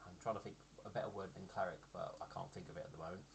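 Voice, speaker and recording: A man's voice: sits low, rapid-fire, vocal fry, slight background noise. A man narrating as game master of a tabletop game, hesitant and full of ums and restarts.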